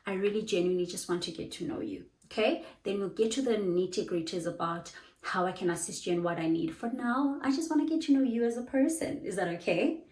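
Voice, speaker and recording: A bubbly young woman talks through her tutoring tips in a lively, chatty way. Her voice sits at a middle pitch. The room around her rings with a noticeable echo. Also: fairly quick. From South Africa. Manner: bubbly, lively, acts out dialogues. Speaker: online English tutor. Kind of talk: casual teaching advice vlog.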